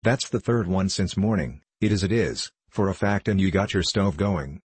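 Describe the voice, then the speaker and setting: A man reading the lines of an excitable, loud, quick-tempered young man in a novel, blustering and repeating himself. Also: low-pitched, husky, no echo. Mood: excited.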